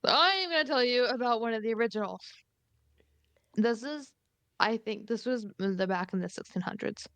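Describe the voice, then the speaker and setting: Relaxed woman on a dry mic. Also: fairly high pitch, brisk, no echo. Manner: relaxed, conversational, fillers. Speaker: podcast co-host. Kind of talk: casual podcast chat.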